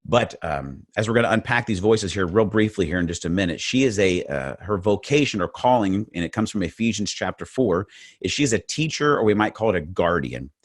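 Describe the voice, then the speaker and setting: Male motivational speaker, middle-aged, very low voice, dry close sound; earnest webinar delivery with frequent repeated words. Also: lively intonation, brisk, breathy edge, no echo. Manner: earnest, repeats words while building points. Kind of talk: faith-based webinar talk.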